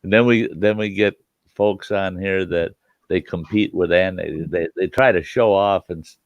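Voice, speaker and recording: An easygoing man hosting a relaxed live-stream chat with friends, rambling through his stories. His voice is fairly low, and the audio sounds dry, dull and a little lo-fi. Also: normal speed, dry recording. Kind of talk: casual chat.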